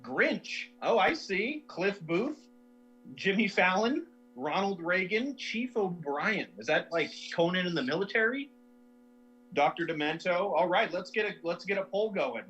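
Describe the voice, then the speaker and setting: A man's voice: sits high, animated, a little slow, fairly bright tone, highs cut off, faint music behind. A man hosting a comedy livestream, rambling through viewer suggestions with self-mocking asides. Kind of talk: casual livestream chat.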